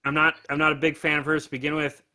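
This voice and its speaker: A man's voice: on the high side, monotone, quick pace, sharp tone. A man in his thirties, a podcaster, chatting casually from his home bar and giving strong opinions with frequent laughs. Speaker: podcaster guest. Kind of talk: casual chat.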